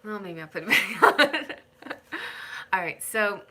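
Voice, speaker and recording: Slow, bright-voiced woman reading tarot. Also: medium pitch, animated. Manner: chatty, rambling, sings names, talks to her cat. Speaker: tarot reader. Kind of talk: live-stream tarot reading.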